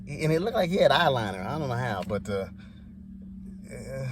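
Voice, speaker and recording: A man's voice: medium pitch, sing-song, moderate pace, background noise. A man giving rambling, laid-back, slangy commentary as a vlogger. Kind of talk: casual commentary.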